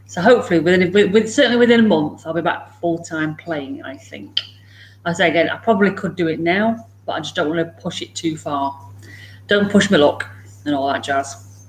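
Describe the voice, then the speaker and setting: A livestream host chats casually from home on a morning stream, greeting viewers by name, laughing a lot and talking to her dogs. Her voice is fairly low and fairly quick, with slight background noise.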